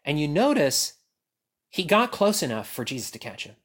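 Man, pastor, sermon, animated delivery, voices the quotes, soft hushed endings. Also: a little high, normal speed. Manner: animated, acts out quotes and swings from loud to hushed.

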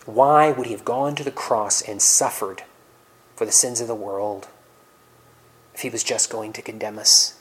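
A man preaching a sermon, reading scripture loudly and then dropping to soft, near-whispered reflections. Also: on the low side, steady tone, a little slow, pauses often, low-quality recording.

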